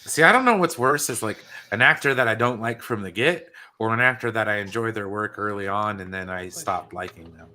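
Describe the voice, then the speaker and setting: A man's voice: fairly low pitch, fairly quick, hardly any pauses, sharp tone. A man in casual podcast chat, blunt, opinionated and swearing.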